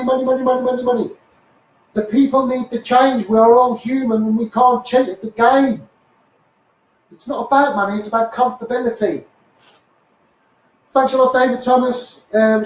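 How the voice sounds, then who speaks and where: A man with a Scouse accent ranting on a live stream, swearing, stumbling over repeated words and tagging lines with "mate" and "you know". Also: very high-pitched. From Liverpool, England. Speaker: activist livestreamer. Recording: echoey room, voice far from the mic.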